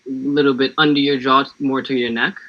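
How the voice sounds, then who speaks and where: An easygoing, giggly American man who gently guides a relaxing warm-up over a video call. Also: mid-range voice, level tone, a little fast, dull audio. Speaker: guest actor. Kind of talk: casual chat, leading a warm-up.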